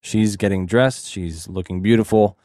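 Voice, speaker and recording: Low-voiced guy rambling through a movie plot on a podcast, dry close mic. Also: fairly even intonation, moderate pace, mellow, dry recording. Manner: rambling, frequent restarts and hedging fillers. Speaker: podcast co-host. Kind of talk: casual movie recap.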